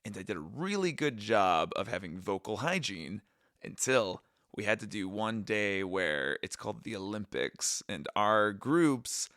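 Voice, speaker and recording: A hoarse man with a raspy voice, co-hosting a podcast in a playful, joking casual chat. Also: fairly low pitch, animated, unhurried, fairly bright tone, no room sound, clean studio sound. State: hoarse, raspy voice after shouting at camp. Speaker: podcast co-host.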